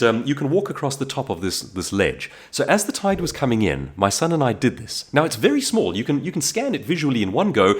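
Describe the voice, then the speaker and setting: A man's voice: medium pitch, slightly rough. A man from South Africa with a South African accent, telling stories in a casual monologue to camera with frequent restarts. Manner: animated storytelling with frequent restarts. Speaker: vlogger.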